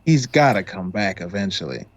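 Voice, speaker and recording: A podcast co-host in casual chat, quick and teasing, who swears freely. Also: low voice, sing-song, gravelly, dull audio.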